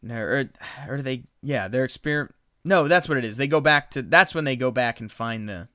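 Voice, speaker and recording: A male co-host talking casually on a podcast and looping back to correct himself as he retells the story. His voice is bright and crisp. It sounds close and dry, with no room around it. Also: medium pitch, fairly quick, dry recording. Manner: rambling, self-correcting recaps. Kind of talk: casual chat.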